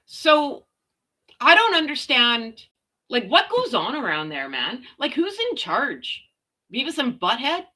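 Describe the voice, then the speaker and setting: Middle-aged woman from Canada, casual ranting vlogger, sarcastic and slangy, bright animated voice. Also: high voice, slow. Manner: blunt, sarcastic, slangy, mild swearing. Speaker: commentary vlogger.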